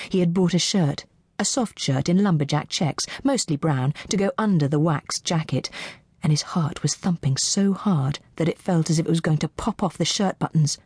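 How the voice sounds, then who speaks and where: A woman reading a novel aloud in measured scripted narration. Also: low voice, warm tone, slightly rough, no echo, clean studio sound. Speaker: audiobook narrator.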